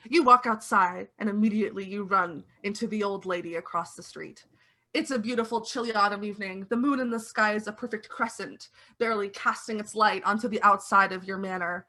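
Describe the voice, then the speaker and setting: Bright-voiced woman game master. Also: mid-range voice, fairly quick. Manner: casual, filler-heavy, laughing. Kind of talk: narrating a tabletop game.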